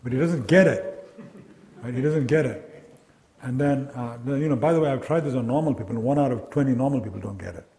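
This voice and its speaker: A man giving a lively academic lecture to a live audience, quizzing the listeners and acting out sounds and quoted voices. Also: medium pitch, fairly quick, a little hiss or hum. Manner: lively, engaging, asks the audience questions.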